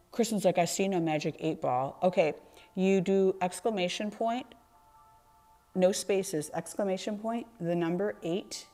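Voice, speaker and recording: Chatty woman streamer with a mellow voice. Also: lowish voice. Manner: chatty, laughs often, talks to chat by name. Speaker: art streamer. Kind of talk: casual live-stream chat.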